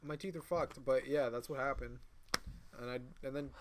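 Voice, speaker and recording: A man with a mid-range voice speaks at a normal speed in a steady tone, with a noisy background. He's a podcast co-host telling a long, rambling story among friends, swearing freely, acting out both sides of the dialogue and laughing mid-sentence.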